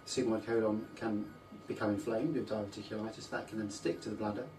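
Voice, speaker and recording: A man, a surgeon, calmly explaining a bowel disease in clinical detail during a teaching discussion. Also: on the low side, soft background music. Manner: measured, explanatory, technical. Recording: echoey room, distant mic, faint noise.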